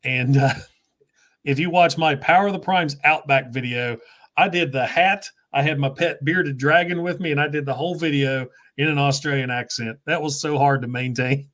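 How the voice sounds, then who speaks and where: A man's voice: fairly high pitch, moderate pace, fairly bright tone. A man hosting a casual live chat, explaining collectible figures with enthusiasm. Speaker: toy reviewer and host.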